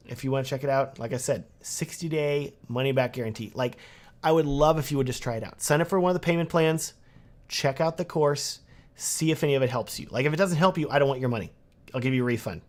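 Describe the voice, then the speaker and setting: A man in his thirties hosting a casual livestream, answering viewer questions in a relaxed, chatty way. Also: mid-range voice, fast talker. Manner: casual and chatty, reads viewer comments aloud. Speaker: wedding filmmaker and livestream host.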